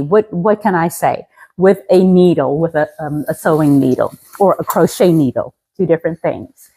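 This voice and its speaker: A woman in her fifties from Louisiana, raised in Colorado, chatting enthusiastically as a fashion vlogger with the crisp diction of a trained singer, often repeating her phrases. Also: fairly low pitch, dark tone, low-quality recording. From Louisiana, raised in Colorado from seventeen. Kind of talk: casual outfit show-and-tell.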